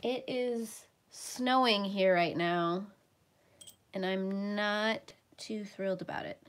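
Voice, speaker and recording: A woman hosting a casual livestream from home while she colors. She chats along and sometimes drops into soft murmurs as she works. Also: mid-range voice, takes it slowly. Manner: chatty, drifts into soft murmurs while working. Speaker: livestream host.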